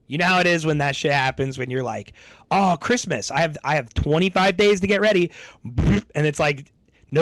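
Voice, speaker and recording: A man's voice: fairly high pitch, fairly bright tone, dry recording. Laid-back man in dry casual chat. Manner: rambling, laid-back, swears often. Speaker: streamer. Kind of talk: casual chat to a livestream audience.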